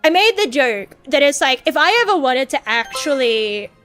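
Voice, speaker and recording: A woman with a high voice chats on a live stream, rambling and cursing freely at her own expense. Faint music plays softly behind her. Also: big pitch swings, normal speed. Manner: rambling, profane, self-mocking. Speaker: VTuber streamer. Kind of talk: casual stream chat.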